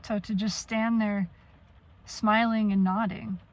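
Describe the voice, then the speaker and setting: A woman's voice: mid-range voice, level tone, slow, low-quality recording. A woman venting in a personal monologue, blunt and profane, often trailing off and restarting. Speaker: vlogger.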